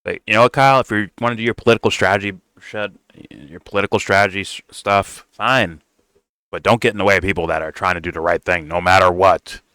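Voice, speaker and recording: A heated man tears into a political video he is reacting to, cursing at every turn. His voice sits a little low and pushes forward with a hard, tense edge, recorded close and dry. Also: steady tone, fast talker, pushed and bright, dry recording. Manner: blunt, heated, swears constantly, says "bro". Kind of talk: profane reaction rant.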